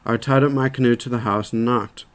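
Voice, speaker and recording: A man narrating a short story aloud in a measured, plain storytelling manner. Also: medium pitch, fairly even intonation.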